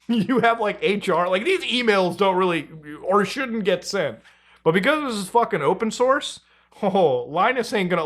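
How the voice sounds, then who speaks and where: A male host talking through online drama in a loose, casual commentary style. His pitch swings widely as he gets worked up, and he laughs and swears freely along the way. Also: a bit bright.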